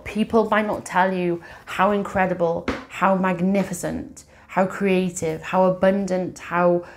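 A woman's voice: on the low side, a little mellow. A woman doing a tarot reading, reading affirmations aloud in an emotional, encouraging way. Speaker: tarot reader.

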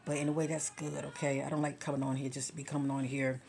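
Deep gravelly woman giving spiritual encouragement. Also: little pitch movement, fast, darkish tone, a little hiss or hum. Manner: direct, conversational, preacher-like, often asks "okay?" and "you know". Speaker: spiritual vlogger. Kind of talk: casual spiritual encouragement talk.

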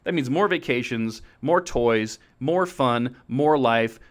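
A middle-aged man hosting a podcast about financial planning, energetic and jokey, swinging from loud outbursts to hushed asides. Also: mid-range voice, slow. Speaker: podcast host, financial advisor.

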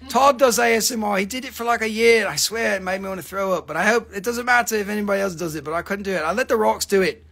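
High-pitched guy hyping rocks on a live sale, jokey, swears a lot, rambles. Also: quick pace, vocal fry, hardly any pauses. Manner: excitable, joking, swearing, rambling. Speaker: host of a live crystal sales stream. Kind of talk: live sales patter.

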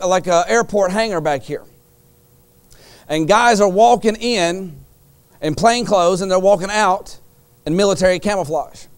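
A pastor, preaching in a church and telling a dream as a story, switching between loud acted-out lines and a low, quiet voice for serious points. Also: clear, resonant tone. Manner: storytelling, acts out quoted lines with sudden loud jumps. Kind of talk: sermon. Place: church sanctuary.

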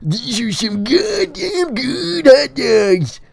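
A man voicing a loud, brash teenage boy who shrieks his words in a strained falsetto. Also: very animated, very slow, gravelly, over a noisy crowd, full character voice. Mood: excited shouting.

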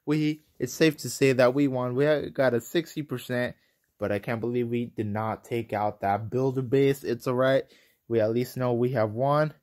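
A young man casually commentating his own gameplay, excitable and rambling, quick to get frustrated. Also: medium pitch. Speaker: gaming commentator.

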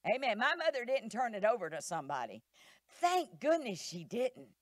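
A woman's voice: on the high side, very animated, moderate pace, no room sound, studio quality. A middle-aged woman pastor, preaching a sermon in a church, emphatic and repetitive, acting out quoted voices.

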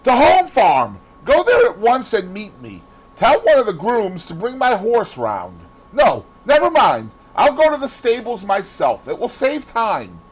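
A man with a Boston accent voicing an anxious young gentleman who turns frantic and commanding, high and loud. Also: huge pitch swings, unhurried, breathy edge, full character voice.

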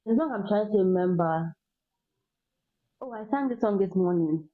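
A woman's voice: mid-range voice, lively intonation, moderate pace. A young woman chatting casually as a vlogger, laughing often and breaking into bits of song. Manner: chatty, laughs often, sings snatches of songs. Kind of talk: casual chat. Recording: dull lo-fi sound.

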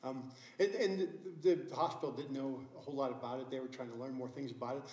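A man's voice: medium pitch, quick pace, a little mellow, echoey room, low-quality recording. A middle-aged man preaching a sermon as pastor, telling a story earnestly with many restarts. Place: church sanctuary.

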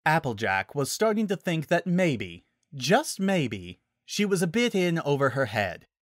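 A man narrating a dramatic story reading in an animated way. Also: on the high side, a little slow, no room sound, clean studio sound.

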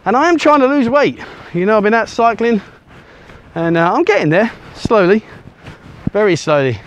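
A man with a slightly raised pitch chats his way along an outdoor beach, holding the camera himself. His talk wanders, packed with ums and uhs, and he is a little short of breath from walking on the sand. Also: very animated, moderate pace, lo-fi sound. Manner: rambling, chatty, many ums and uhs. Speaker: travel vlogger. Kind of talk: casual walking vlog to camera. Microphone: handheld camera he turns around.

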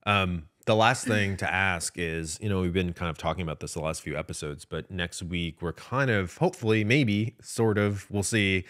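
A man's voice: low-pitched, normal speed, hardly any pauses, a bit bright. A man in his thirties co-hosting a podcast, chatting casually in a rambling, amused way with lots of "like" fillers. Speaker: podcast co-host. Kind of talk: casual chat.

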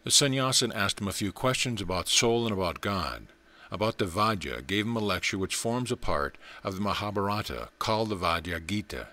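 A man with a low voice reads a spiritual text and its parable aloud. His narration is measured and earnest, steady from line to line. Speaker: audiobook reader. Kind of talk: scripted narration.

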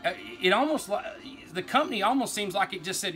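High bright-voiced East Texas man. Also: big pitch swings, fairly quick, few pauses, soft background music. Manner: rambling, folksy, says y'all, laughs easily. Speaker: toy collector vlog host. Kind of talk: casual rambling toy talk.

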